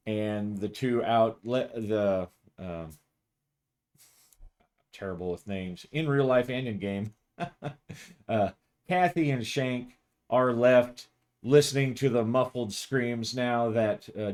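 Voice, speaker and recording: A man's voice: on the low side, slow pace, darkish tone. A man narrating his solo tabletop role-playing game in a casual, rambling way and chuckling often. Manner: casual, chuckling, frequent restarts. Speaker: game master.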